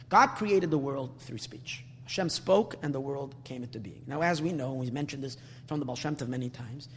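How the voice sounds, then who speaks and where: Earnest man teaching Torah in a reverberant hall. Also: medium pitch. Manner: earnest, repeats words while searching, mixes Hebrew terms. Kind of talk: Torah class sermon. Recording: long reverb, faint hum.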